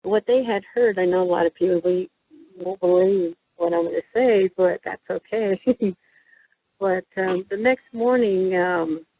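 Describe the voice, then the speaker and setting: A woman's voice: medium pitch, unhurried, breathy edge, no room sound. Woman from new mexico rambling through a story, lots of ums, tinny phone sound. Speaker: guest storyteller. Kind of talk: casual storytelling in an interview.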